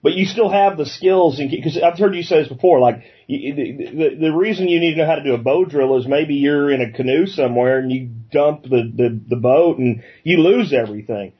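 A man's voice: on the high side, a little fast, few pauses, breathy edge, muffled recording. A man from Pennsylvania hosting a casual interview, chatty and loose, with plenty of fillers. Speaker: podcast host.

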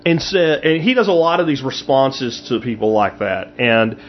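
A man's voice: mid-range voice, normal speed, highs cut off. A man hosting his own show, giving a blunt, emphatic commentary monologue straight to his listeners. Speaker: show host.

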